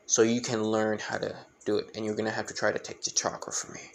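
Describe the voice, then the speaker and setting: A man voicing a gruff male giant turtle beast spirit in a fan-made story. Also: on the low side, little pitch movement, fast, slight background noise.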